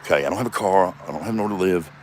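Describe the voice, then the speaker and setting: A man's voice: low-pitched, racing, a little mellow. A man in his fifties rambling and swearing in a self-mocking solo vlog, recorded outdoors in a front yard. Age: 50s. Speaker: comedian vlogger. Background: passing traffic.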